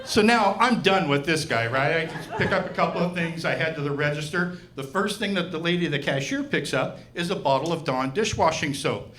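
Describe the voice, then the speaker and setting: Male stand-up comic, high voice, dry exasperated storyteller, live recording with heavy background noise. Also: lively intonation, a little fast, few pauses. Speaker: stand-up comedian. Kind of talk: stand-up comedy routine. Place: live comedy venue with audience.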